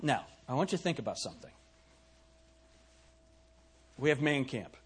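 A man's voice: medium pitch, very animated, normal speed, breathy edge. A male pastor preaching a sermon, emphatic, putting questions to the congregation and reading scripture aloud. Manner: reads scripture in old-fashioned wording.

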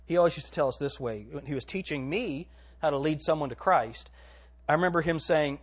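A man preaching a sermon in a church, swinging between hushed, drawn-out phrases and loud emphatic lines. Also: a little high, animated, husky. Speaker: pastor.

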